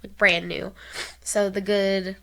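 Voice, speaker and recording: A young woman with a Southern American accent chats casually as a podcast co-host. Her voice sits at a middling pitch and sounds a little stuffy. She giggles and rambles as she goes. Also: little pitch movement, slow, a bit bright, rough recording. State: stuffy nose.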